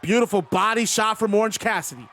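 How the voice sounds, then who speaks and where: A man with a high-pitched voice gives casual, chatty commentary over a video game wrestling match. He rambles, swears, and gets excitable as he tells stories between the moves. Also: fast talker. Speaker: host and commentator.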